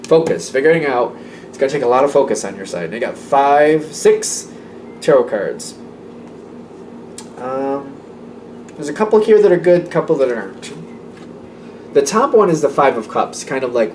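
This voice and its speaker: A man's voice: mid-range voice, expressive, moderate pace, long pauses, darkish tone, recorded from a distance. A man gives a casual tarot reading, talking in a chatty, repetitive way and laughing lightly between thoughts. His voice sits a little away from the microphone, with a faint hum of room ambience behind it. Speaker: tarot reader.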